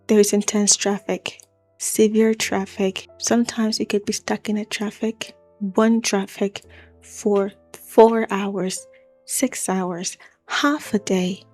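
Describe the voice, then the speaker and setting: A woman hosts a true-crime story channel, explaining events in a loose, conversational way. She talks in short, stacked phrases at an even middle pitch. Soft music plays quietly under her voice. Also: slow pace. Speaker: channel host and narrator.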